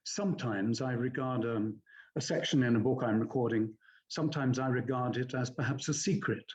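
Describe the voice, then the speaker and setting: An older male narrator talks through his craft in a measured, explanatory way. His voice sits mid-range. The recording is dull and lo-fi. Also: medium pitch, a little mellow. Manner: measured, explanatory, demonstrates readings aloud. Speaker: guest, actor and audiobook narrator. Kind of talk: conversational teaching.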